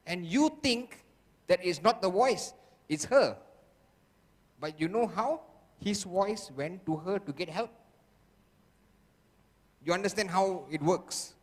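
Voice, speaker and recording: A man's voice: high voice, animated, unhurried, pauses often. A man giving a motivational seminar talk who keeps checking in with the audience and acts out the voices he quotes. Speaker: seminar speaker. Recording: long hall reverb.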